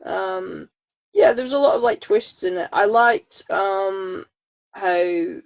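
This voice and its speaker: Gravelly-voiced woman with a cold. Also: mid-range voice, slow pace, poor audio. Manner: hesitant, lots of ums. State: has a cold. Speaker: podcast guest. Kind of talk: casual chat.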